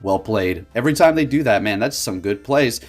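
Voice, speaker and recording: Fired-up guy narrating his game matches, lowish voice, laughs a lot, faint music in the back. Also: fairly quick. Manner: excitable, laughs often, talks to viewers as folks. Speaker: gaming YouTuber. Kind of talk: casual gameplay commentary.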